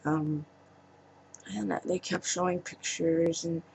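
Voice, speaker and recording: A woman speaking in a personal vlog monologue, halting and emotional, trailing off with pauses. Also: lowish voice, little pitch movement, vocal fry, a little mellow, slight background noise, low-quality recording. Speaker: vlogger.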